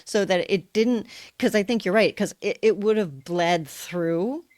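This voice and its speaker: A woman's voice: medium pitch, unhurried, darkish tone, dry recording, studio quality. A woman co-hosting a podcast in casual conversation, reflecting openly on her own experience. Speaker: podcast co-host.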